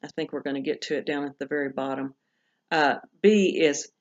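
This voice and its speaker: A low-voiced woman teaches pronunciation in a recorded lesson, going through examples with patience and saying each one slowly. The audio is dull and lo-fi.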